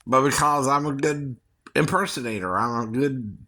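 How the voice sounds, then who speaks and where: A male vlogger who also does singing impersonations rambles through a casual monologue, chuckling often and finishing lines with a questioning tag. His voice is medium-pitched, bright and pushed, at a normal speed.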